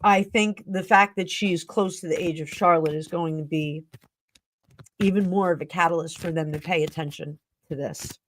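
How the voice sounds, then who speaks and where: A woman's voice: lowish voice, steady tone, normal speed, background noise. A woman hosting a live stream tarot reading who talks in an emotional, effusive way. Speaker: tarot reader and stream host.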